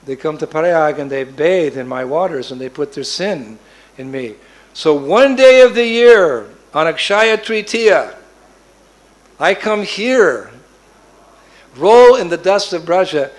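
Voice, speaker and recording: A man voicing a grand, kingly holy place in human form who speaks in slow, proud declarations during a storytelling sermon. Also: a little high, lively intonation, poor audio. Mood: stately.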